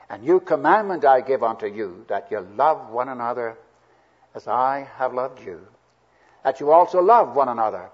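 A man's voice: medium pitch, darkish tone, husky. A man preaching a sermon verse by verse, earnest and swelling with emphasis on key words. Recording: dull lo-fi old recording.

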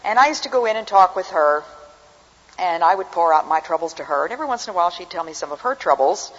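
A woman's voice: lowish voice, expressive, fast, slightly rough. An older woman giving a talk to an audience, telling stories with dry humor. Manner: dry, humorous anecdotal delivery. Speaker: speaker. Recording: muffled hall recording with long reverb.

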